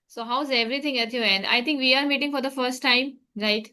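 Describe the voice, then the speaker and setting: Young woman hosting a chat, bright voice, kinda high, keeps restarting her sentences. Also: fairly quick. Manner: chatty, restarts sentences often. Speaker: English conversation host. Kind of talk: casual conversation practice.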